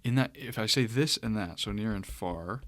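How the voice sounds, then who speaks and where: A man teaching a lesson on grammar, talking it through in a relaxed way, with pauses and restarts. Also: on the low side, dry recording. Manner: relaxed, thinking aloud with fillers and restarts. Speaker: Greek teacher. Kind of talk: lecture.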